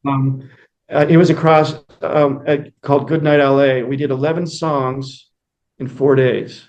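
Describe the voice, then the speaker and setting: A man's voice: medium pitch, little pitch movement, unhurried, darkish tone, lo-fi sound. A man, a musician guest in an interview, telling rambling anecdotes with many fillers and acted-out quotes. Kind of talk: casual storytelling interview.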